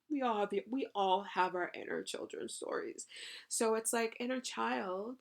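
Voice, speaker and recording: A woman's voice: mid-range voice, creaky. A woman hosting a channeled spiritual podcast, talking effusively with casual swearing and lots of "you know" and "right?". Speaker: podcast host and spiritual coach.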